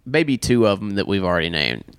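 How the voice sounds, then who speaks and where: A man's voice: lowish voice, big pitch swings, fairly quick, smooth, no echo, studio quality. Loose, profane male comic host. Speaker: podcast co-host and comedian. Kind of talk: casual chat.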